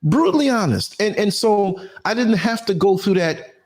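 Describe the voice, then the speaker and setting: A man's voice: high voice, normal speed. An older man with a New York accent, a podcast host telling a long personal story in casual chat and acting out the people in it. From New York City. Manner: animated storyteller, acts out voices of people in his story.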